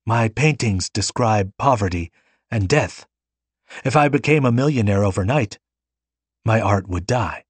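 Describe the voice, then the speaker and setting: A man voicing a soft-spoken, earnest male painter in an audiobook reading. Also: on the low side, animated, unhurried, slightly rough, no room sound. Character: poor, gentle male painter, resigned.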